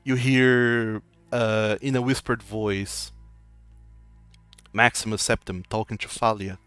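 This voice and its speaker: A man's voice: fairly low pitch, flat delivery, takes it slowly, a bit bright, clean tone, no room sound, faint music behind. A man acting as game master, narrating a tabletop game in a loose, descriptive way. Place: home streaming setup.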